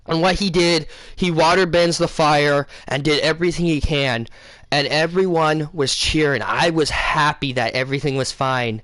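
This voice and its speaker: A man's voice: fairly high pitch, moderate pace, fairly bright tone, no room sound. A man hosting a casual vlog, retelling a dream in a rambling way full of fillers. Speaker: channel host.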